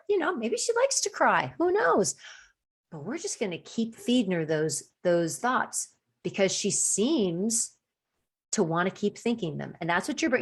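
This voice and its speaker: A woman coach talks through her solo podcast in a loose, conversational way. Her voice sits a little low. She restarts her sentences often and slips into quick acted-out quotes of inner thoughts. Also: breathy edge. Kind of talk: casual solo podcast talk.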